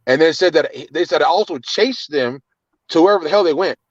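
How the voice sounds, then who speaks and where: A man's voice: fairly high pitch, a little fast, no echo, highs cut off. A man with children telling an agitated, cursing story of his arrest, often repeating words. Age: adult with children. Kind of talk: casual storytelling.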